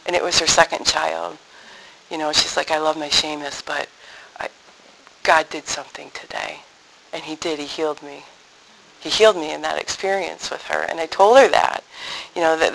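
A woman giving a faith testimony to an audience in an animated storytelling manner, acting out the voices of family members she quotes. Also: sits low, vocal fry, rough recording. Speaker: speaker sharing a faith testimony. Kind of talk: personal storytelling talk to an audience.

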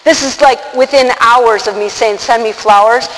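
A woman telling a personal story to an audience, animated, acting out the quotes and laughing often. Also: a little high, normal speed. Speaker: religious speaker. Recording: long hall reverb, faint noise.

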